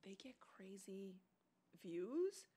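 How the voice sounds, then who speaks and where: A woman's voice: mid-range voice, very animated, very slow, warm tone, slightly rough. A woman co-hosting a podcast in casual chat, speaking thoughtfully and often restarting as she searches for words. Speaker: podcast co-host.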